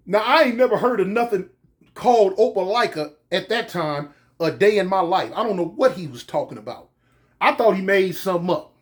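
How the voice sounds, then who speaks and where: A man casually telling a comic story from his own life, animated and full of street slang. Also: sits high. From California. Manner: animated, slangy, drawn-out pauses.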